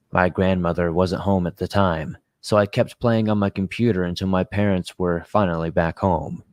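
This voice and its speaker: A man with a lowish voice narrates a spooky first-person story at a steady, measured pace. His voice is recorded dry and close, with no room sound around it. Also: dry recording. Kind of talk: scripted narration of a creepy story.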